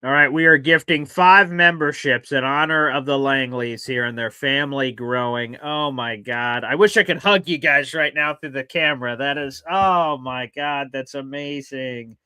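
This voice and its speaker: A man's voice: medium pitch, moderate pace, hardly any pauses, pushed and bright, clear, resonant tone, no room sound. A man hosting a live sports talk stream, emotional and effusive, laughing often and reading out viewer messages. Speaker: sports talk show host.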